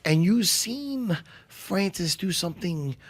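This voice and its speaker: High raspy man, joking chat, very animated, dry close mic. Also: takes it slowly, no room sound. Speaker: co-host and fight analyst. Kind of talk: casual chat.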